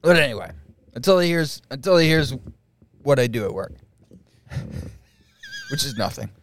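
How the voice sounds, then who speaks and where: A man's voice: mid-range voice, sing-song, measured pace, slight background noise. A young man co-hosting a podcast, telling work stories in casual chat, laughing often and swearing. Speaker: podcast co-host.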